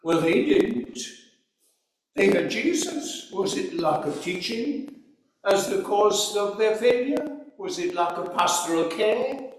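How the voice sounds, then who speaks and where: Slow, earnest man preaching in an echoey hall. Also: high-pitched, lively intonation, slight background noise. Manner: earnest, emphatic preaching with rhetorical questions. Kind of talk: sermon. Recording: echoey hall recorded from far off.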